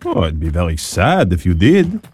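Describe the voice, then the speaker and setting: A man voicing a gentle, loving father of five daughters, speaking tenderly and reassuringly in an audio drama. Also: sits low, huge pitch swings, moderate pace, breathy edge, no room sound, exaggerated voice.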